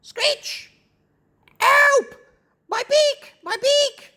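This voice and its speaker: A woman voicing a small, cheeky, naughty parrot that squawks and teases in a shrill voice. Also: extremely slow, sharp tone, heavily acted. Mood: panicked. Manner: shrill, teasing.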